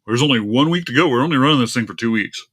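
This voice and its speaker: A man's voice: mid-range voice, lively intonation, rapid-fire, a bit bright, slightly rough. A man hosting a casual live stream, chatting and grumbling aloud while his screen share fails. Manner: chatty, grumbling at tech trouble, talks to his cat. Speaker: livestream host.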